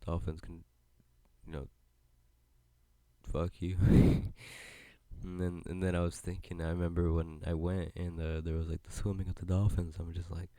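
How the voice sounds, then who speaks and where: A young American man hosts a solo podcast, chatting casually, rambling in a laid-back way and swearing freely. His voice is deep and mellow with a flat delivery, a moderate pace and frequent pauses, recorded with no echo.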